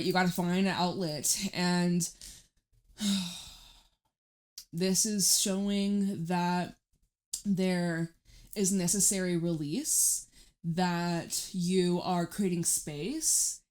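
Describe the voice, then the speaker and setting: A woman giving a tarot reading to camera, talking in a gentle, reassuring, chatty way with many fillers. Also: on the low side. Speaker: tarot reader.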